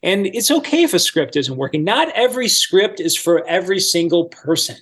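A man, a voice-over coach, explaining his methods step by step in a relaxed podcast interview. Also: sits high, fairly quick, husky.

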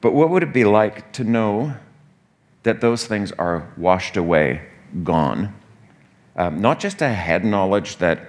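A pastor preaching a morning sermon, teaching through a scripture passage in a conversational way with frequent asides to the congregation. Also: male voice, fairly low pitch, expressive, slow.

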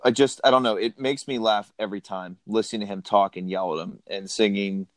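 A man's voice: lowish voice, fairly even intonation, fairly quick, no room sound. A man co-hosting a casual movie podcast who laughs often and acts out quotes. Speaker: podcast co-host. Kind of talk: casual chat about a movie.

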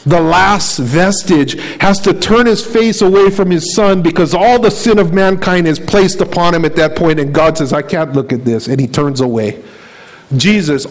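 Higher-voiced male preacher. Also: poor audio. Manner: rhetorical questions, slows down and repeats key phrases. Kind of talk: sermon.

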